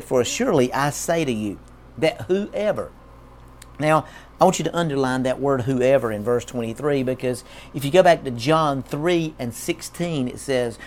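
Emphatic pastor preaching. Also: male voice, mid-range voice, a little mellow. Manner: preachy, emphatic, repeats key words. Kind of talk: sermon.

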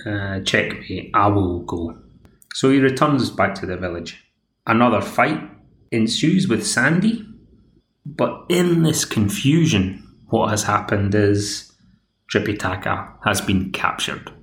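A man's voice: fairly low pitch, very animated, unhurried. A male podcast host giving a casual, wry episode recap with many asides and restarts. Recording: echoey room.

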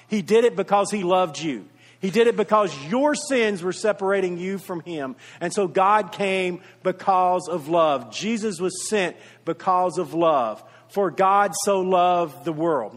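A man's voice: high-pitched, a bit bright. A man preaching a sermon as pastor, earnest and repeating his key points for emphasis, with storytelling asides. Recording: reverberant hall.

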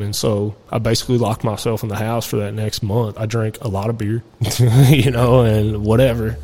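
A young man speaks a little low and tells his story candidly as a podcast guest. He rambles, restarts often and swears freely in casual interview talk. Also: flat delivery, moderate pace, hardly any pauses, mellow.

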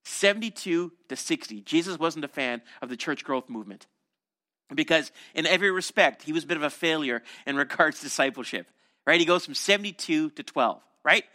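A male pastor delivers an animated sermon, slipping into quick voices for the people in his stories. His voice sits high and bright, and it swings widely in pitch as he preaches. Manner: animated storytelling, acting out voices of crowds and disciples.

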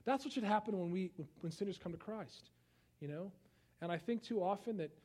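A young man preaching a sermon in a conversational style, swinging from hushed tones to loud outbursts. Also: sits high, a little fast. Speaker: pastor.

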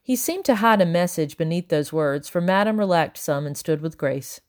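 Woman reading an audiobook, low voice. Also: animated, normal speed. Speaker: audiobook narrator. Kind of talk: first-person audiobook narration.

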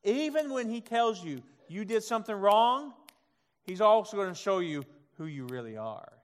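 A man preaches a sermon from the pulpit, his voice set slightly high. He drops to soft, quiet stretches and builds to loud, emphatic ones, now and then acting out God's voice. A long hall reverb trails every phrase. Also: big pitch swings, moderate pace, clean tone. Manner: acts out God's voice in quoted asides. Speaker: pastor.

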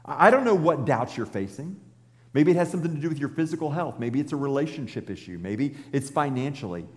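A man preaching a sermon in a conversational, animated way and acting out the scripture he reads. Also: a little high, fast. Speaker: pastor. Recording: long reverb in a large hall.

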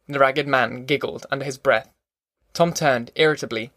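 A man reading a novel aloud as an audiobook narrator, in measured, even storytelling. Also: medium pitch, no echo, clean studio sound. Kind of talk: scripted narration.

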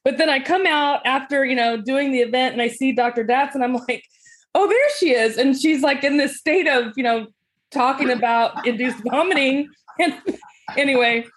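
Woman host, pretty high voice, easygoing, laughs along with her guest. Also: normal speed. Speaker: podcast host. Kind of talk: casual interview.

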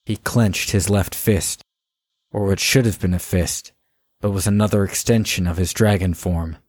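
A male narrator reads a fantasy story at a measured, even pace. His voice is very deep. The recording is dry and close. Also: no room sound. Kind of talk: scripted audiobook narration.

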